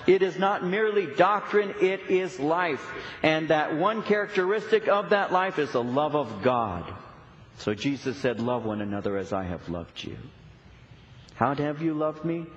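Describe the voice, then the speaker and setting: A man's voice: a little high, expressive, a little slow. A middle-aged man preaching a sermon as a pastor, earnest and emphatic, with frequent repetitions. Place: church sanctuary. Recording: echoey, dull church recording.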